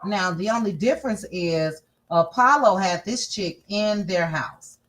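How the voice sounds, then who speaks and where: A woman's voice: mid-range voice, unhurried, fairly bright tone. A woman hosting a casual celebrity gossip livestream, chatty and sassy, thinking aloud as she scrolls through posts. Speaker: gossip channel host.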